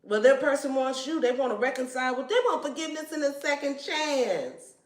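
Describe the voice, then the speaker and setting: A woman's voice: high-pitched, animated, a little fast. A woman giving a casual tarot reading in a blunt, slangy way and swearing freely. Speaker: tarot reader. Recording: echoey room.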